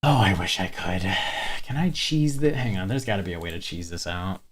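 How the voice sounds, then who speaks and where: A video game streamer giving casual gameplay commentary, animated, laughing often and swearing casually. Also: sits low, a little fast, husky.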